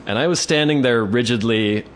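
A man's voice: medium pitch, normal speed, slight background noise. A man co-hosting a podcast, telling a story in casual chat, acting out quotes and swearing freely. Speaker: podcast co-host.

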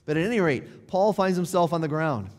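A male pastor preaching a sermon in a church, telling the story conversationally and dropping to a near hush at the ends of phrases. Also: a little high, lively intonation, fairly quick, big-room sound. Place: church sanctuary.

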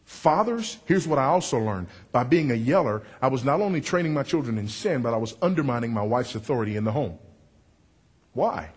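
A middle-aged man preaching a sermon with a big voice, emphatic and wry, dropping low and rising loud for effect. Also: expressive, brisk, slightly rough. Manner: confessional and wry, working the crowd.

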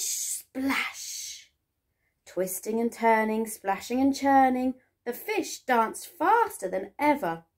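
A woman teacher reading a picture book aloud to young children in a sing-song, expressive storytelling manner. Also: a little high.

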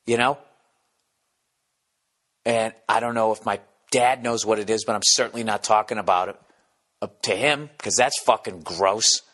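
A middle-aged man hosting a podcast, rambling through a profane comedic monologue full of quick restarts. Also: lowish voice, fairly bright tone. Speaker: podcast host.

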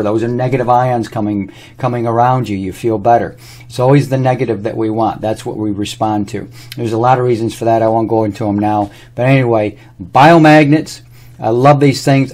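A man's voice: medium pitch, darkish tone. A man talking casually to camera, rambling through anecdotes while demonstrating a product on his own body. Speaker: presenter demonstrating a health product.

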